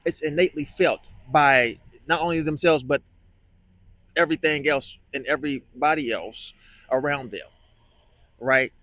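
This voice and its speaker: A man vlogging a reflective monologue, musing and halting, often repeating words with many fillers. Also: on the high side, fairly bright tone, dry recording.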